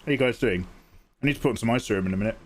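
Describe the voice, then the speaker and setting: A man streaming live, chatting casually with viewers while often clearing his throat. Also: fairly low pitch, racing. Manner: chatty, greets viewers, jokey. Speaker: livestreaming artist.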